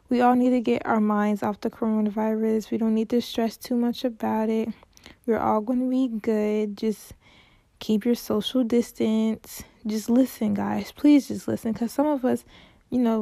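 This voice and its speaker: A woman's voice: a little high, little pitch movement, normal speed, vocal fry, dark tone, no echo, studio quality. A young woman telling a story in a casual, chatty way, full of "like" fillers and dramatic exclamations. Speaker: podcast host.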